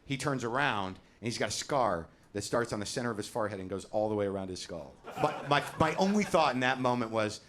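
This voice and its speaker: A man's voice: on the low side, lively intonation, quick pace, hardly any pauses, noisy background. A middle-aged man doing a stand-up set on a club stage, ranting and swearing with self-deprecating bite. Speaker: stand-up comedian. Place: comedy club stage with audience.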